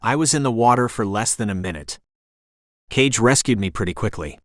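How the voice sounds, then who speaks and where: A man reading a first-person audiobook narration in a steady, even manner. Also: lowish voice, moderate pace, dry recording, studio quality.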